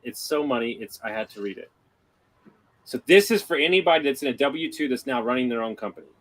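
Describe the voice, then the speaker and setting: A man on a podcast chat, telling a lively story, playing out both sides of a conversation and swearing casually. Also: mid-range voice, fast, poor audio. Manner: animated storyteller, acts out dialogue, swears freely. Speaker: guest.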